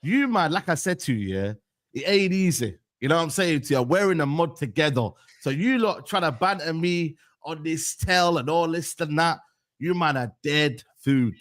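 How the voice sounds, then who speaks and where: A fairly high male voice, bantering on a football panel. His pitch swings widely as he teases and taunts. The recording is dry and close. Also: lively intonation, moderate pace, a bit bright, no room sound. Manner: teasing, slangy banter.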